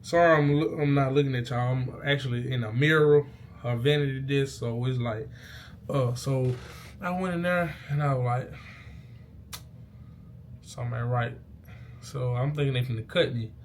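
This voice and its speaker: Young man, casual vlog storyteller, animated and slangy, with faint background noise. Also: medium pitch, normal speed. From Mississippi. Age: young adult. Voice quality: slangy, animated storytelling, loud bursts at the peaks. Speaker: vlogger. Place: indoors, talking into a mirror.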